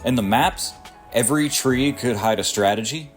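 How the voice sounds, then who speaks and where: A man's voice: mid-range voice, moderate pace, faint music behind. A man in his thirties reading a scripted video essay about strategy games, sardonic and crude, with punchy asides. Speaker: gaming video creator.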